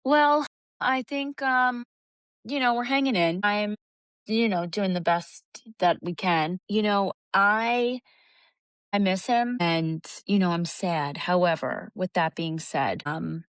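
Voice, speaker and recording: A woman's voice: mid-range voice, slow pace, clear, resonant tone, no echo. A young adult woman co-hosting a podcast, talking in an earnest, reflective way in casual chat. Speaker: podcast co-host.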